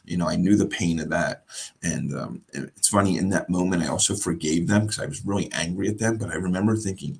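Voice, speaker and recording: An American man, a guest in an interview, telling a personal story in a halting, emotional way and often repeating words. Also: low voice, creaky, husky. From United States.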